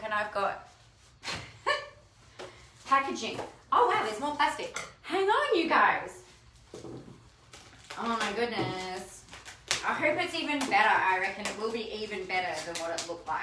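A woman's voice: fairly high pitch, sing-song, moderate pace, pauses often, bright, forceful tone, slight background noise. A woman hosting a chatty video, gushing and exclaiming as she unboxes her new book. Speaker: host and author. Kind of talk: excited unboxing chat. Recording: echoey room.

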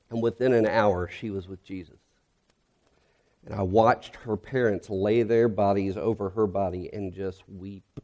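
A male pastor giving an earnest, reflective sermon that grows quiet and soft in its heavier moments. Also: on the low side, fairly even intonation, a little slow.

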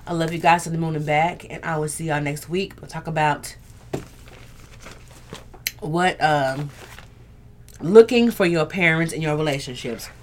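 Candid low-voiced woman hosting a livestream. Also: a little slow, pauses often, a little hiss or hum. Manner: candid and earthy, swears, talks straight to viewers. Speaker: livestream host. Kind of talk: casual live-stream chat with viewers.

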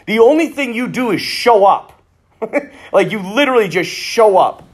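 Middle-aged priest guy, chatty sermon, raspy, lots of ups and downs. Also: high-pitched, moderate pace. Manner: conversational, animated, acts out quoted dialogue. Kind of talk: sermon with storytelling.

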